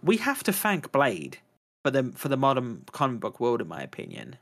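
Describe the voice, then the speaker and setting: Excited male co-host who rambles and trips over his own corrections. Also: medium pitch, normal speed. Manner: enthusiastic, rambling, self-correcting. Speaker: podcast co-host. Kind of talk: casual chat about video games.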